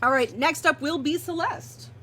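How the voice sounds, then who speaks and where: A woman's voice: sits high, a little hiss or hum. A woman acting as game master, narrating a tabletop role-playing game and calling out dice results with frequent laughter. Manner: bright, laughing and quick between dice rolls.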